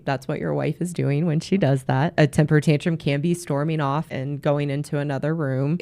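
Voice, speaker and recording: A woman's voice: sits low, creaky, darkish tone. A woman hosting a solo talk show, speaking earnestly to listeners and giving advice, often restarting her phrases. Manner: earnest, advising, with frequent restarts. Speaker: host.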